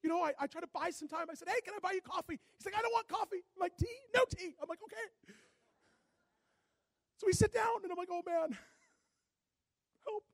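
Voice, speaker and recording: A man preaching a sermon, telling a personal story and acting out both sides of the dialogue, moving from hushed to loud. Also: very high-pitched, fast talker, pauses often, no echo.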